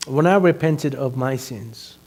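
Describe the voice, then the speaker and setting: A male pastor preaching a conversational sermon that grows loud and animated, full of rhetorical questions. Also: mid-range voice, unhurried.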